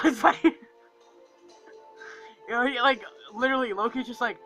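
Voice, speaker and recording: A man's voice: very high voice, normal speed, sharp tone, faint music behind, low-quality recording. A man giving a casual, rambling movie review, full of fillers and acting out lines from the film.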